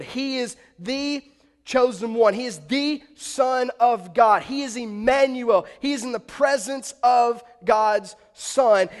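High-voiced preacher in a reverberant hall. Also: male voice. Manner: conversational storytelling, asks the congregation questions. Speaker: pastor. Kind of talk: sermon.

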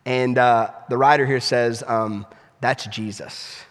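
A man preaching a sermon as pastor, emphatic, swinging between raised urgent lines and hushed low stresses. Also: fairly even intonation, takes it slowly, long reverb tail. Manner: emphatic preaching with sweeping pitch and volume swings, drops to near-hush for stress.

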